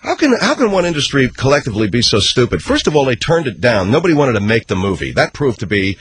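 A man hosting a talk radio show, giving opinionated commentary in a ranting, sarcastic way. He swings between loud outbursts and low mutters. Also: big pitch swings, fast talker, a little hiss or hum.

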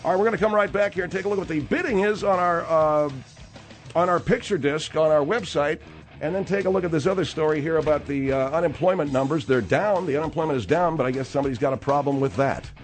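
A man's voice: a little high, fast talker, faint music behind. A man hosting a radio talk show from the studio, probing and needling a caller.

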